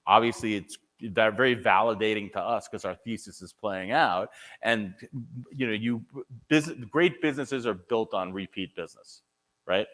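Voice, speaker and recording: A man with a somewhat low voice presents at a conference and fields questions from the floor. He talks in an energetic, conversational pitch, often restarting and repeating words as he makes his point. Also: moderate pace. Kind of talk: live conference presentation with audience Q&A. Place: conference hall.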